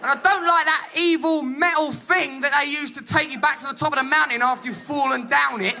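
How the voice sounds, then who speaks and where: A man's voice: very high-pitched, steady tone, fairly quick, vocal fry, bright, forceful tone. A man with an English accent performing a theatrical, flamboyant stand-up comedy routine on stage. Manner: theatrical, flamboyant, mock-grandiose. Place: comedy stage before a live audience.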